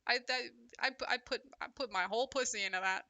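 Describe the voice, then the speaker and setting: A young woman who makes indie games, talking casually over gameplay as she brainstorms. She thinks aloud in a halting, self-deprecating way. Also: on the high side, sharp tone, a little hiss or hum. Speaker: indie game developer.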